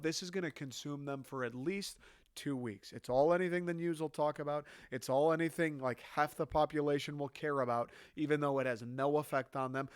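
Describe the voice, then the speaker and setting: A man's voice: a little high, no echo. Sarcastic man ranting in a dry room. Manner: sarcastic, ranting, swearing freely. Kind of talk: stand-up style rant.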